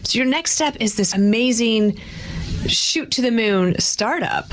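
A woman's voice: fairly high pitch, animated, a little slow, slight background noise. A woman hosting a podcast, casually interviewing guests and speaking candidly. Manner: candid, admits financial anxiety. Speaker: podcast host.

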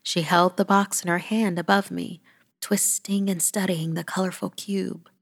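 A woman narrates a horror story in a hushed, dramatic manner, often dropping to a whisper. Her voice is low and gravelly with fry. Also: little pitch movement, measured pace.

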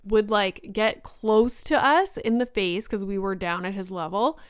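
Recorded in studio quality with a clean tone and no echo, a young woman's medium-pitched voice goes a little slow. She's a podcast host telling a casual story, chatty and full of "like."

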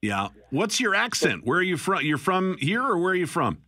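A man hosts talk radio with a chatty, wry manner. His voice is bright and forward, recorded close on a dry studio microphone. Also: sits high, very animated, moderate pace, no echo. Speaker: radio host.

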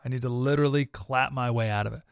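A man's voice: mid-range voice, steady tone, fast, creaky, clean tone, no echo, clean studio sound. A man hosting a podcast, talking reflectively to his listeners and reading out scripture in a conversational way. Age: adult with a young child. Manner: conversational, quotes scripture, talks to listeners directly. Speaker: podcast host.

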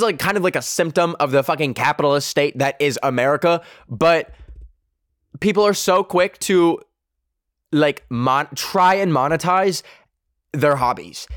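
A man's voice: on the high side, fairly bright tone, dry recording, studio quality. A man hosting a podcast, ranting casually and swearing a lot, rambling with many fillers. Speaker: podcast host. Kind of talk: casual opinion rant.

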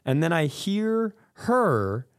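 A man's voice: fairly high pitch, takes it slowly, smooth. A middle-aged man with a cough, telling a comic story in casual podcast chat and acting out what people said. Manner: animated, breaks into laughter, acts out quotes. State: sick with a cough. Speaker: podcast co-host.

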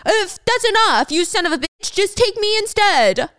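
A blustering teenage boy, indignant and protective, as a woman narrator puts him on, speaking up with a higher pitch than her usual voice. The sound is crisp and dry. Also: expressive, a little fast, no room sound. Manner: forceful, indignant.

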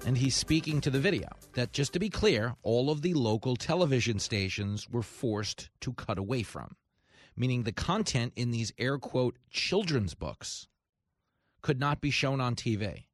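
A man hosting a comedic political talk radio show, talking in an animated way and acting out voices in quotes. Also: medium pitch, moderate pace, dry recording, faint music behind. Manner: animated, acts out voices in quotes, rising to shouts.

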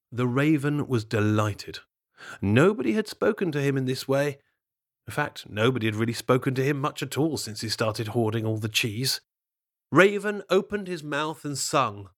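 A man narrating a children's fable in a playful, expressive way, with chatty asides to the listener. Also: mid-range voice, moderate pace. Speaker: storyteller.

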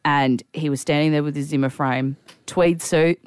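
A woman with a fairly low voice tells a story on a podcast, getting emotional and choked up as she goes. The sound is close and dry. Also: steady tone, moderate pace, darkish tone, clear, resonant tone, no echo. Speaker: podcast co-host. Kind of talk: casual chat, storytelling.

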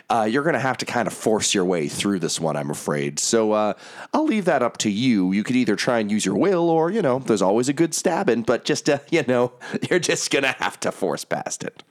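A man narrating a tabletop game as game master, descriptive and halting with many fillers. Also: medium pitch, sing-song.

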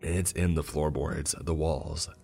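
A man voicing a solemn pastor who speaks slowly and gravely. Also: very deep voice, fairly even intonation, a little mellow, faint music behind, exaggerated voice. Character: solemn middle-aged male pastor, exorcist.

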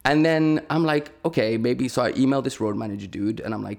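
A man telling a story in casual conversation, animated and rambling with lots of fillers. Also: medium pitch, brisk, gravelly, few pauses. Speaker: podcast guest.

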